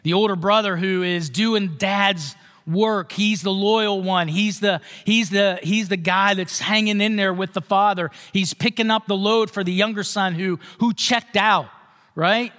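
High-voiced male pastor preaching in a hall. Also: fairly even intonation, measured pace, fairly bright tone. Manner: conversational, asks the congregation questions. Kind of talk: sermon.

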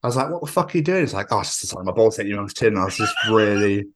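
A man's voice: on the low side, racing. Man, English podcast host, crude comedic banter, sweary, laughs a lot. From England. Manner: sweary, laughing, animated storytelling.

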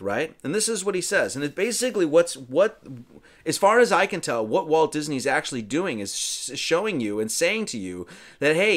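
A man's voice: a little high, a bit bright. A man hosting a casual film commentary, rambling, tagging lines with right? and acting out characters' lines. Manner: rambling, keeps asking right?. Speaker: host.

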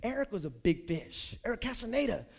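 A man pastor, telling stories in a sermon and building up to shouted preaching. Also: extremely high pitch, very animated, fairly quick, gravelly, breathy edge.

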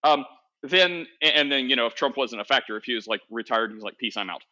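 Rambling, bright-voiced male podcast host. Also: mid-range voice, animated, fast. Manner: rambling, self-correcting, laughs often. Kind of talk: casual chat. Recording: dull lo-fi sound.

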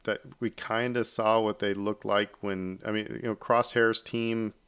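A man's voice: lowish voice, level tone, unhurried, fairly bright tone, smooth. A man hosting a podcast, chatting casually and rambling with many fillers and restarts. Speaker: podcast host. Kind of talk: casual chat.

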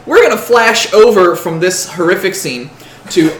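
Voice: medium pitch, expressive, normal speed, a bit bright, a little hiss or hum. A game master narrating a tabletop game in a playful, laughing way. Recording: echoey room with chatter.

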